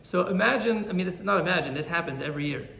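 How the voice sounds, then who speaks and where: A rabbi gives a Torah class in a high, gravelly voice, telling stories with lively energy and acting out the people in them. The recording is roomy and echoey. A faint hum of ambience sits underneath. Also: male voice, fast. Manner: animated storyteller, acts out quoted characters.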